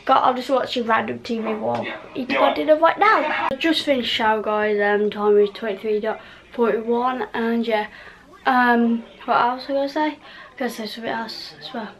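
A woman's voice: fairly high pitch, fairly even intonation, normal speed, crowd noise, rough recording. A woman from the UK chatting in a rambling vlog at home, full of fillers and trailing off. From United Kingdom. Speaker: vlogger. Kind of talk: casual vlog talk. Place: home bedroom, indoors.

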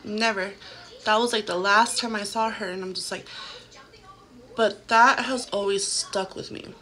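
A woman's voice: mid-range voice, fairly even intonation, measured pace, bright, forceful tone. A woman in her thirties telling a haunting story to a phone camera at home, casual and chatty, full of "like" fillers. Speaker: vlogger.

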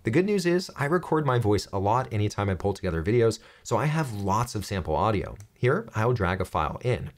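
A young man hosting a software tutorial, explaining step by step in an upbeat, joking way. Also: lowish voice, sing-song, fairly quick, few pauses. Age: young adult. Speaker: tech tutorial host. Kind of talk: screen-recorded software tutorial.

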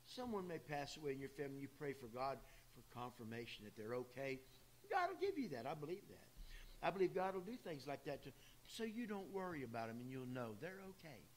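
A man's voice: medium pitch, sing-song, a little fast, slight background noise. A man preaching a sermon in plain, emphatic words, talking straight to his congregation. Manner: emphatic, plain-spoken, addresses the congregation directly. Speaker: pastor. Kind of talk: sermon with folksy asides. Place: church.

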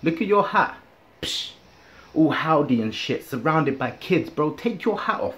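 A man's voice: on the high side, lively intonation, a little slow, fairly bright tone, slightly rough. A man delivering a battle rap verse full of mocking trash talk aimed at his opponent. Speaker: battle rapper.

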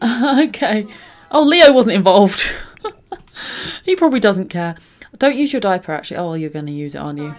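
A woman's voice: mid-range voice, expressive, moderate pace. A young woman giving casual, chatty commentary while playing a life-simulation game. She giggles often and coos over cute moments. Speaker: gaming channel host.

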